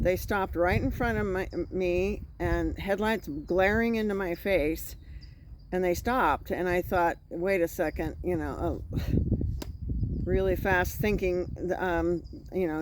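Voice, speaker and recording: A woman's voice: on the low side, background noise. Woman vlogger telling a story. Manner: animated retelling with quoted voices. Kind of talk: casual storytelling.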